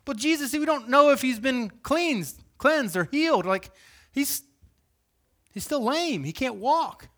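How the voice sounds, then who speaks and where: A preacher acting out doubting religious onlookers who protest in a raised, fussy voice. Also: male voice, very high-pitched, lively intonation, unhurried, fairly bright tone, voice pushed up, heavily acted.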